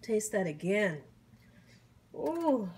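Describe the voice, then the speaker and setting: A middle-aged woman with a mid-range, sing-song voice draws out her words with a breathy edge as she films a casual food-tasting vlog. Hums, whoops and grateful, churchy exclamations and blessings accompany each bite she savors.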